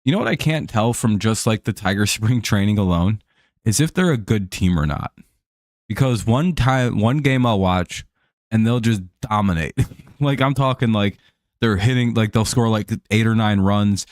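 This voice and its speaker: A man's voice: fairly low pitch, animated, normal speed, no echo, studio quality. A man hosting a live stream, casually commenting on a baseball game, rambling with many fillers and restarts and frequent chuckles.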